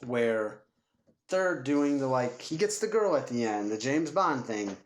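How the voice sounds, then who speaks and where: Animated man retelling a movie, roomy echo. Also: mid-range voice, measured pace. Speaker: podcast co-host. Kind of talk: casual movie podcast chat.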